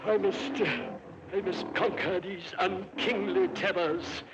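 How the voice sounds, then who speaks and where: An actor playing a pompous, cowardly Roman emperor in a 1950s film, imperious and theatrical. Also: male voice, high-pitched, steady tone, slow, highs cut off, background noise. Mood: nervous. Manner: imperious and theatrical, turning fawning when scared.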